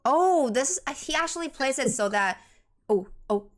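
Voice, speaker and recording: A woman from Taiwan with a Taiwanese accent, a native Mandarin speaker, doing chatty, excitable live esports commentary in English. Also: high-pitched. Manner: excitable, chatty, quick to laugh and gasp. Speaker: esports caster.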